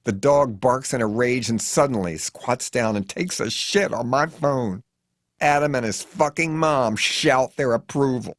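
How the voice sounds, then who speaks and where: A man narrating his own memoir as an audiobook in an animated, comic storytelling manner. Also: mid-range voice, a little slow, no echo, studio quality.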